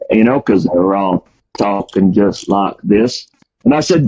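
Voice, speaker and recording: A man's voice: medium pitch, moderate pace, a little mellow, husky. A man casually telling a story about his past, with a rambling delivery full of fillers and restarts. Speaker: guest storyteller. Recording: dull lo-fi audio.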